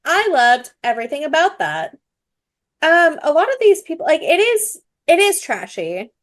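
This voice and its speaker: A woman's voice: high-pitched, sing-song, normal speed, fairly bright tone. A young woman co-hosting a casual book podcast, blunt and swearing freely. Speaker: podcast co-host.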